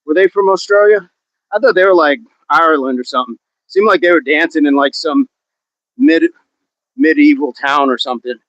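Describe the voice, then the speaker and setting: A man's voice: a little high, sing-song, normal speed, fairly bright tone, no echo. A man hosting a fitness livestream outdoors, chatting casually and joking as he reads viewer comments. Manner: joking, chatty, laughs often. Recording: dull, dry, lo-fi sound.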